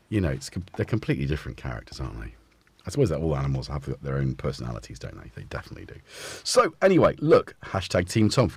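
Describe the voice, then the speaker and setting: Male streamer, low husky voice, very animated delivery, loose rambling chat with his pets. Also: quick pace. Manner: rambling, chatty, keeps talking to his cats. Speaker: livestream host. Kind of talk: casual live-stream chat. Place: home music studio.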